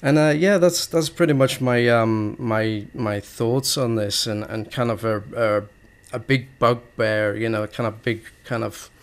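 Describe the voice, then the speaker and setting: A young man, hosting a gaming vlog, talking in a hesitant, rambling way full of fillers and restarts. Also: mid-range voice. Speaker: gaming video host. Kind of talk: casual rambling commentary.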